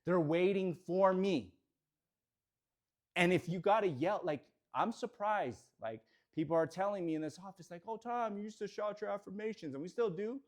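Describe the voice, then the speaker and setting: A man leading a real estate team in a motivational talk, energetic and swinging from quiet reflection to shouted affirmations, in an office. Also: high-pitched, fairly quick, few pauses.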